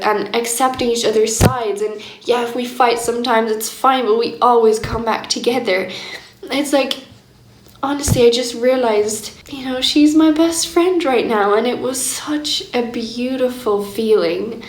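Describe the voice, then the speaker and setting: A woman's voice: a little high, a little slow. A young woman speaking candidly and reflectively in a personal diary vlog, laughing often as she talks. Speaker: vlogger. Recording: echoey room.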